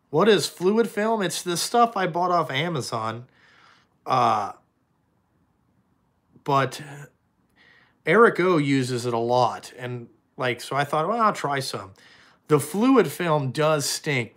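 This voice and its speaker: A man's voice: a little high, a bit bright. A young man, the owner of a trucking company, chatting casually and profanely on a live stream and answering viewers' questions.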